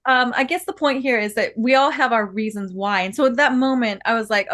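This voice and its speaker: A woman's voice: on the high side, fairly quick, few pauses, fairly bright tone. A woman guest on a podcast, telling stories chattily, laughing often and restarting her sentences. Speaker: guest artist and builder. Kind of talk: casual podcast conversation.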